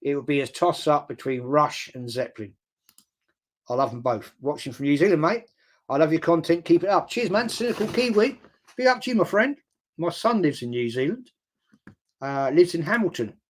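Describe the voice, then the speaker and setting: A man's voice: a little high, animated, normal speed. An older man hosting a casual live chat, rambling bluntly, swearing casually and repeating words for emphasis. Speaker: host. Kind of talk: casual live-stream chat reading viewer comments.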